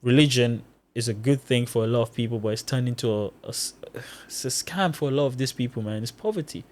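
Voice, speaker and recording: A man's voice: mid-range voice, fast. A young man from Nigeria, a guest in a casual podcast chat, telling stories with energy and acting out the voices of other people. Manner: animated storyteller, acts out quotes.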